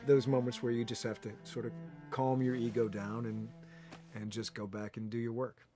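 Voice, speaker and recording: A man speaking in a measured, thoughtful way in a documentary interview. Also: medium pitch, flat delivery, music in the background. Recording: interview with score under it.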